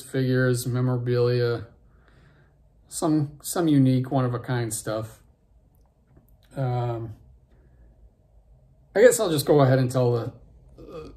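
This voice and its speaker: With a mellow, medium-pitched voice, a vlog host in his forties rambles through a backstage story. It's casual storytelling, heavy on fillers and restarts.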